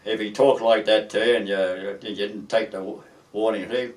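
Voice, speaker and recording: During an oral history interview, an older Australian man, a retired seaman, tells stories in a rambling, halting manner with many restarts. His voice is fairly low with fairly even intonation, captured on a distant mic.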